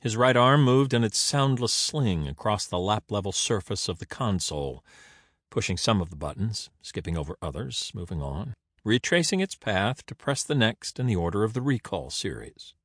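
A man narrating an audiobook in an expressive, dramatic reading. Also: fairly low pitch, moderate pace, no room sound, studio quality.

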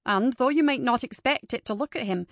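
Brief: woman reads chatty period lady, lively and eager. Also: a little high, a little fast, no room sound, studio quality.

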